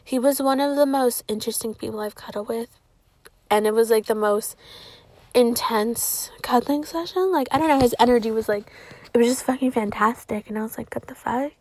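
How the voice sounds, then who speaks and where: A woman's voice: on the high side, steady tone, quick pace, darkish tone, no room sound. Rambling, profane young woman, dry close mic. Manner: rambling, profane, heavy use of "like". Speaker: vlogger. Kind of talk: casual confessional storytelling.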